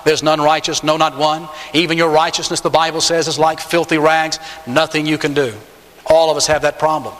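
Emphatic preacher in a reverberant hall. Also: male voice, little pitch movement, fairly quick, a bit bright. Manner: emphatic preaching, swings pitch up on key words. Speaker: pastor. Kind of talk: sermon.

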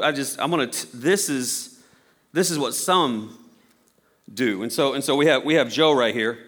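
Man, pastor, sermon, bright forceful tone, playful storytelling, long hall reverb. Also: medium pitch. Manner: animated storytelling with playful acted-out voices.

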